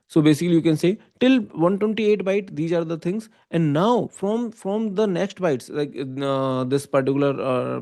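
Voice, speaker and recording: Indian-accented male lecturer, a bit higher pitch, mellow tone, patient step-by-step explainer. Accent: Indian English. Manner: explains step by step, often checking with "okay?" and "right?". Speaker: computer science teacher. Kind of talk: online lecture.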